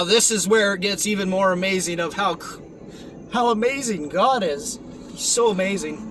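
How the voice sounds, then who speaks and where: Young guy rambling thru his testimony, kinda bright sharp tone, little bit of hiss behind. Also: high voice, rough recording. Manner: rambling, earnest, full of restarts and fillers. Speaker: testimony vlogger. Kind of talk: personal testimony monologue.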